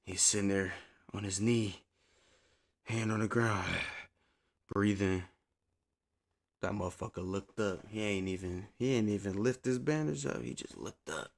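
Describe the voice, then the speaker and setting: A man's voice: lowish voice, measured pace, long pauses. A man streaming a game, chatting to his viewers in a rambling, profane, laid-back way. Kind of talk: casual live-stream chat.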